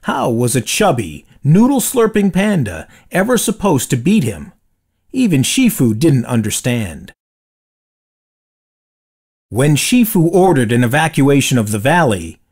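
A man narrating a children's storybook aloud, slow and deliberate. His voice is husky, and his pitch rises and falls in a lively, expressive way that suits bedtime stories. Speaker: storybook reader.

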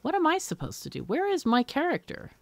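A woman's voice: sits high, wildly swooping pitch, a little fast, vocal fry, no echo. A woman hosting a let's play, thinking aloud as she works through a puzzle game, muttering and exclaiming. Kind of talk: thinking aloud while gaming.

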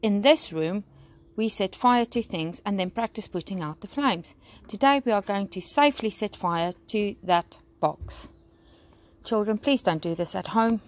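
A brisk, friendly woman firefighter from a children's storybook, explaining things clearly to a group of kids. A woman voices her. Unhurried and measured. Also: medium pitch, animated, natural voice. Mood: instructive.

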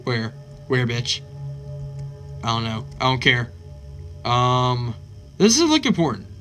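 A man hosting a let's play of a horror game, excitable and swearing constantly, yelping at scares. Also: medium pitch, takes it slowly, faint music behind. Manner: excitable, swears constantly, yelps when startled. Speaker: gaming channel host.

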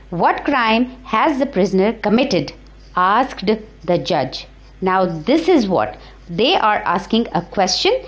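A woman teacher giving a grammar lecture, explaining each example slowly and repeating it. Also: mid-range voice. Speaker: English teacher. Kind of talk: recorded classroom grammar lecture. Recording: slightly dull lo-fi recording.

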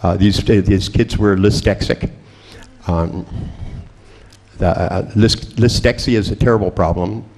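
A man's voice: on the low side, measured pace, creaky, a little mellow, slight background noise. A man giving a seminar talk as a hypnotist, telling anecdotes with wry, boastful humor and frequent chuckles. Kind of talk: anecdotal storytelling lecture.

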